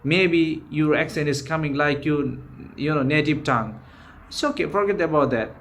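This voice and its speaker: Man, Bangladeshi accent, Bengali native speaker, fairly high voice, earnest English tutor, informal lesson, lots of restarts. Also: moderate pace, a bit bright, slight background noise. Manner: earnest, repetitive, frequent restarts. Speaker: English teacher.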